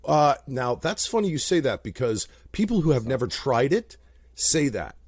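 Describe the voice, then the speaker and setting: A man's voice: medium pitch, big pitch swings, moderate pace, a little mellow, no room sound. A man from New Jersey co-hosting a podcast in casual chat, joking and swearing freely. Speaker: podcast co-host.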